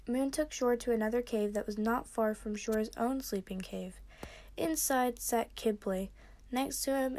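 Woman podcaster, slightly high voice, casual amateur story reading. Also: warm tone. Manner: casual, with slips and restarts. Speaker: podcast host reading fan fiction.

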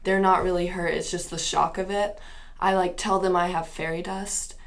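A woman's voice: lowish voice, steady tone, moderate pace. A woman co-hosting a casual interview, friendly and chatty. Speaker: podcast co-host.

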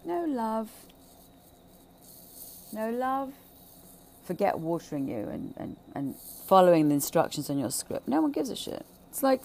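A woman with a gravelly, fry-laden voice speaks in an impassioned monologue. She hammers her points by repeating short phrases, swears freely, and swings from loud bursts to hushed asides. A faint hiss sits under the recording. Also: medium pitch, sing-song, normal speed. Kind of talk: impassioned monologue on childhood trauma.

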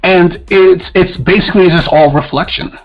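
A man's voice: sits high, moderate pace, muffled recording. Blunt, profane man ranting on a podcast. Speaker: podcast co-host. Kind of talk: casual opinionated podcast talk.

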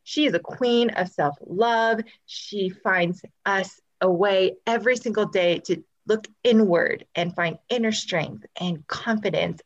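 A woman's voice: medium pitch, highs cut off. A woman hosting a live podcast over a video call, gushing with effusive praise in casual chat. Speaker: podcast host.

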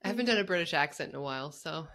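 A woman's voice: deep voice, lively intonation, fairly bright tone. A woman co-hosting a podcast in casual chat, bantering and teasing her friend. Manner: teasing, quick reactive banter. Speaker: podcast co-host.

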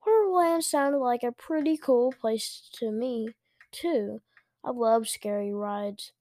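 A woman's voice: fairly high pitch, takes it slowly, warm tone, no room sound. A woman reading a children's book aloud, carefully and with small restarts. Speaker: story reader.

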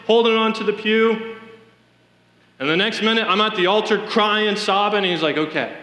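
Male preacher, high bright tone, earnest testimony, roomy church reverb. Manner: earnest storytelling, addresses congregation directly. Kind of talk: sermon. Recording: echoey hall reverb.

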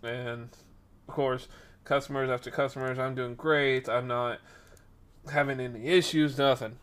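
A young man casually telling a workplace story on a stream, acting out the people in it and getting loud at times. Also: medium pitch, normal speed, clean tone. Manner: animated, acts out quoted voices, rises to loud outbursts.

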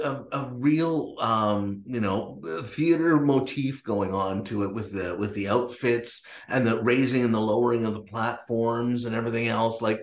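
Man, podcast co-host, rambling, enthusiastic, echoey room. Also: mid-range voice. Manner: enthusiastic, rambling, many fillers. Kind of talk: casual chat.

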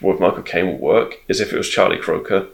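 A man's voice: low voice, fast talker, creaky, rough recording. A man co-hosting a casual film chat, rambling with lots of fillers. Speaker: podcast co-host.

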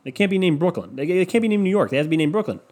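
Recording at home with the windows open, this young podcast host from Cleveland speaks in a high, sing-song, rapid-fire voice with a darkish tone. His solo show is a profane, sarcastic, scatterbrained ramble.

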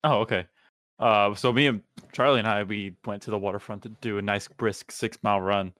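A young man in casual chat with friends, relaxed and quick to laugh. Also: on the low side, dry recording. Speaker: friend in the conversation.

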